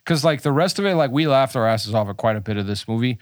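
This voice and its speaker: A man's voice: mid-range voice, lively intonation, fast, no room sound, clean studio sound. Rambling man in casual movie chat. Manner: rambling, filler-heavy, slips into mock voices. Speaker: podcast co-host.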